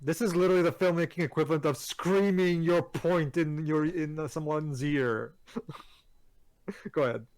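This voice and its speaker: A man's voice: fairly high pitch, steady tone, normal speed, hardly any pauses, darkish tone, no room sound, low-quality recording. A man making wry, sarcastic remarks during a casual group movie commentary. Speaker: commentary co-host.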